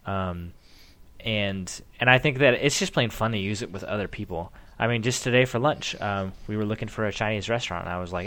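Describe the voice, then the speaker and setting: A man's voice: fairly low pitch, brisk. Man telling a story in casual chat. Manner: animated storyteller acting out other people's reactions.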